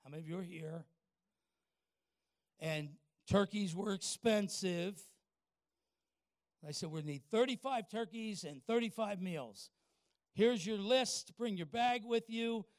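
An older man, a pastor telling a folksy story in a sermon and asking the congregation quick questions. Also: high-pitched, no room sound, clean studio sound.

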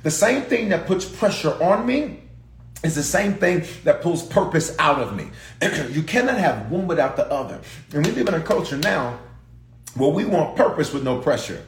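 Animated preaching man in an echoey church. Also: on the high side. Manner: preaching with call-and-response, repeating phrases for emphasis. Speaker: pastor. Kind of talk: sermon.

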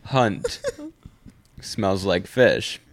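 A man co-hosting a podcast, reading out joke titles deadpan in casual chat. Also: sits low, drawn-out words, very noisy. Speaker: podcast co-host.

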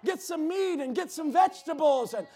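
A pastor preaching a sermon in church, building to shouted emphasis and dropping into quick asides to the congregation. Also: male voice, extremely high pitch, expressive.

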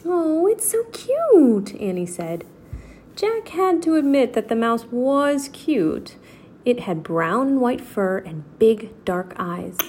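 A woman reading a children's chapter book aloud in a steady, clear storytelling voice. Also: on the high side, slow, a little hiss or hum.

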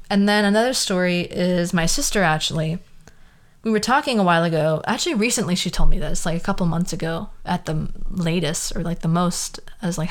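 A woman in her twenties with a Valley girl accent, hosting a casual solo podcast, rambling and filling her talk with "like". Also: fairly low pitch. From the San Fernando Valley, California. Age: 20s. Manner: rambling, heavy use of "like", questioning tone. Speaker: podcast host.

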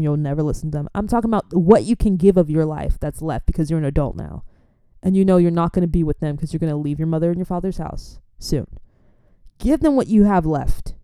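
A young woman from an immigrant family, talking in a chatty, animated way as she gives faith-based life advice and laughs often. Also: on the low side, clean tone, no echo, clean studio sound. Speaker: Christian vlogger. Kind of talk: casual advice talk.

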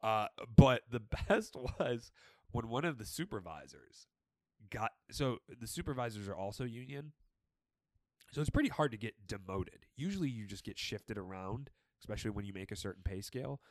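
A man's voice: lowish voice, normal speed, dry recording. Laid-back young man telling work stories. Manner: animated storytelling, swears freely. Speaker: podcast co-host. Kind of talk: casual chat.

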